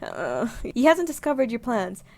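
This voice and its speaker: A young woman streamer reading a visual novel aloud, giggling and reacting with animated outbursts. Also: fairly high pitch, a little slow. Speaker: gaming streamer.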